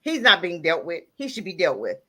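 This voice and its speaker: Her voice is sing-song and sharp, and she talks briskly. Calling in live to a talk show, this woman rants with heat and emphasis, repeating lines, laughing outright and raising her pitch until she sounds near tears.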